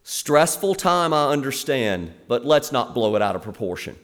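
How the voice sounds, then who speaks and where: A man preaching an expository sermon as a pastor, animated, moving between loud emphasis and quiet asides. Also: mid-range voice, normal speed. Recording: long reverb of a large hall.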